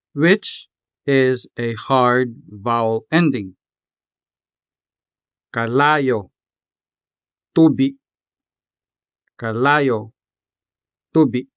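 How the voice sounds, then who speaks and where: Male tutor, deliberate pace, repeats each word, dry muffled voice-over. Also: mid-range voice, clean tone, no echo. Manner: slow, careful, repeats words for pronunciation. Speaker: language tutor. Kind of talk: scripted lesson narration.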